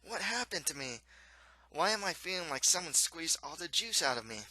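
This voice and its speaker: A man voicing a storybook prince, young and dim-witted, clumsy, politely formal, raised voice, bright sharp tone. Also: a little high, very animated, moderate pace, dry recording, voice pushed up, full character voice, poor audio. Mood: bewildered. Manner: polite, old-fashioned address.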